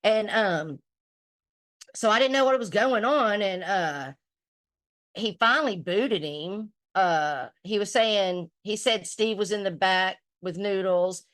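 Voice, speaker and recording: A woman streamer rambles through a gossipy recap, swearing freely. Her voice sits at a middling pitch, and she talks in a loose, unscripted way. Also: slow pace, a bit bright. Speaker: livestream commentator. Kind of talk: casual livestream recap.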